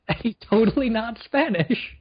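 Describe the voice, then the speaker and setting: A man's voice: very high-pitched, animated, a little slow, slightly rough. A man co-hosting a podcast in casual chat, with a wry, sarcastic delivery. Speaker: podcast co-host. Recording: dull lo-fi audio.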